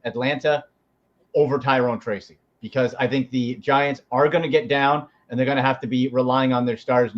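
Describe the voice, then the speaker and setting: A man talking as a fantasy football analyst on sports radio, giving quick, emphatic takes with frequent restarts. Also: medium pitch, lo-fi sound.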